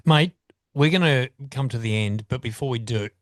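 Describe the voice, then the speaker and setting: A man's voice: medium pitch, moderate pace, no room sound, clean studio sound. A man hosting a podcast in casual interview chat, friendly and enthusiastic, calling his guest mate. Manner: friendly, warm words, says mate. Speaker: podcast host.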